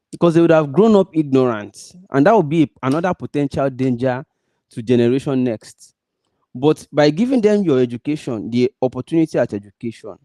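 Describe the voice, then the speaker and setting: Earnest Nigerian man, dark voice. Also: medium pitch, no room sound, clean studio sound. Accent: Nigerian, Pidgin-mixed English. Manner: earnest, repetitive pleading with emphatic stresses. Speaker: commentator. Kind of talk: direct-address commentary.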